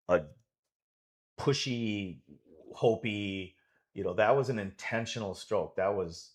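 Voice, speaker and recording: A man coaching and commentating a pool match live from his club, enthusiastic and rambling with many restarts. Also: lowish voice.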